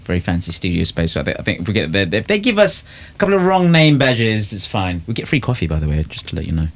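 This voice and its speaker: Low, lively-voiced man. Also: fast talker. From inner London. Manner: reflective, earnest, musing. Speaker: podcast host. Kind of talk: casual chat.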